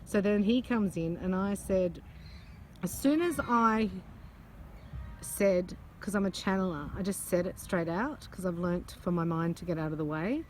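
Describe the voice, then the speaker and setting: A woman talks through a personal story in a casual, chatty vlog, her voice sitting a little low. She shares it as a psychic channeler, animated and quick to break into laughter. Faint outdoor noise sits behind her. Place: outdoors among butterflies.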